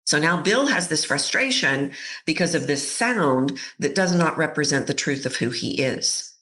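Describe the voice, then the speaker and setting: A woman voice coach giving an interview on a podcast, talking expressively and acting out the voices of people in her stories. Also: deep voice. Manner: expressive, acts out quoted voices. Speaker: voice coach guest.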